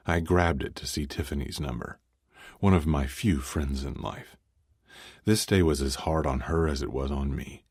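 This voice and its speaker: A male narrator reads a first-person romance novel in a measured, dry way. His voice sits extremely low with a husky edge, recorded close with no room around it. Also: darkish tone, no echo. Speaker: audiobook narrator.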